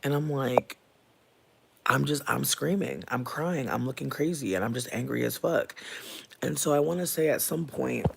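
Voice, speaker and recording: A man with a gravelly, mid-pitched voice tells a long emotional story straight to his audience. He swears freely and rambles through fillers and restarts. A faint hiss of noise sits under the recording. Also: normal speed. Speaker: vlogger. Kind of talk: candid storytime rant.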